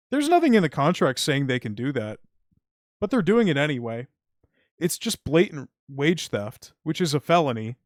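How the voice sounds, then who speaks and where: Man, young adult, frustrated venting, swearing, higher voice, dry close mic. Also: no echo. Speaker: streamer. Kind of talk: casual stream rant. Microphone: streaming mic.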